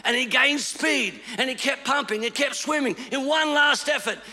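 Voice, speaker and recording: Impassioned high-voiced preacher man. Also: normal speed, big-room sound. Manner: impassioned, swinging from hushed to shouting. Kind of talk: storytelling sermon.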